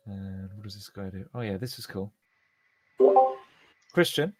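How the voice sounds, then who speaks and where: A man narrating a tabletop game as game master, animated and jumping into brief character voices. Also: a little hiss or hum, low-quality recording. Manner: animated, slipping into quick squeaky character voices.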